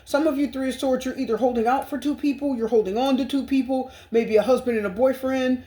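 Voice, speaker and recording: Lady doing a tarot reading, gushy and spiritual, kinda high voice, repeats herself a lot. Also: steady tone, fairly quick, hardly any pauses, mellow. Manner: gushing, spiritual, repetitive. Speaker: tarot reader.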